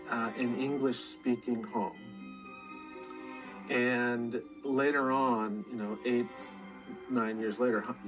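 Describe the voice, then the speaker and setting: A man speaking as an interviewed expert in a documentary clip, firm, certain and measured. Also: medium pitch, rough recording. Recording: documentary clip with music underneath. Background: music.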